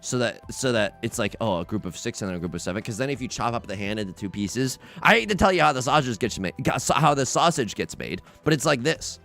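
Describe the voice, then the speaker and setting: A young man chatting casually while streaming a mahjong game, rambling and self-deprecating, with nervous asides and sudden loud outbursts. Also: mid-range voice, animated, fast, gravelly, few pauses, soft background music. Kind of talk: casual livestream chat while playing mahjong.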